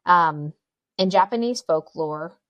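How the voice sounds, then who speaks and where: A woman's voice: lowish voice, slow pace, a bit bright, dry recording, lo-fi sound. A woman podcast co-host telling a spooky story in casual chat, joking asides and reading out an old news article. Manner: chatty, jokey asides, frequent ums.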